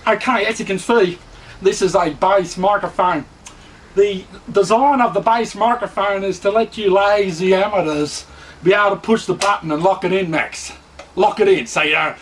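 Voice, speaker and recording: A man's voice: high-pitched, steady tone, moderate pace, echoey room, slight background noise. An Australian man giving a sarcastic, mocking comedy lecture as a mock instructor.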